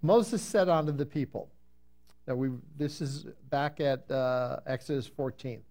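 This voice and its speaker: A man preaching a Bible-teaching sermon, reading scripture slowly with emphasis and then explaining it in a conversational way, sometimes answering his congregation. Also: mid-range voice, a little mellow. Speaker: pastor.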